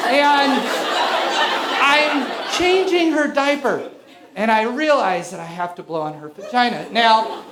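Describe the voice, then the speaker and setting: A man in his thirties doing a stand-up comedy set, telling conversational, self-mocking stories on a club stage. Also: high-pitched. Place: club stage before a live audience. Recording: echoey venue with audience noise.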